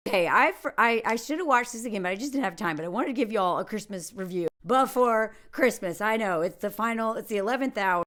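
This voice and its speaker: A woman's voice: medium pitch, lively intonation, fast talker, few pauses, a bit bright. A woman reviewing a movie in a sarcastic, mocking tone, often switching into put-on voices to make fun of the characters. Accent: Southern American put on for jokes. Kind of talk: casual comedic movie review.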